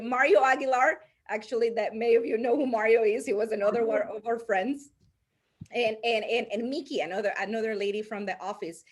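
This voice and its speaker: A woman with a Spanish accent, Spanish her first language, telling stories as a podcast guest with frequent laughter and restarts. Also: on the high side. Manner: animated storyteller, laughs often, restarts mid-sentence. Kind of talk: casual podcast storytelling.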